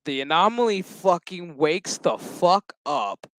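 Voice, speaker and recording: A man's voice: high voice, animated, takes it slowly, a bit bright, poor audio. A man giving a rambling, profane and jokey casual recap of a TV episode. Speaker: show reviewer.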